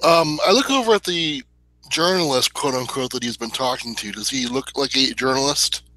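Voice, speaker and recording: A man's voice: medium pitch, normal speed, bright, forceful tone, no room sound, poor audio. A man playing a tabletop game, cautious, asking practical questions. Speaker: player. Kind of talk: casual tabletop role-play.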